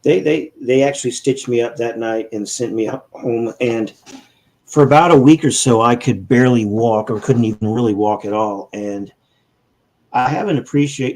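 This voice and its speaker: A man's voice: mid-range voice, moderate pace, darkish tone, poor audio. A man hosting a podcast, telling a story in casual chat with an easygoing, rambling manner. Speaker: podcast host.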